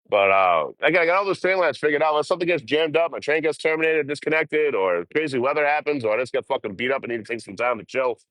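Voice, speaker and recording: Traveling by train, this young livestream host laughs, curses and chats away with his audience outdoors. He speaks at a medium pitch, slightly bright, and the recording is dry.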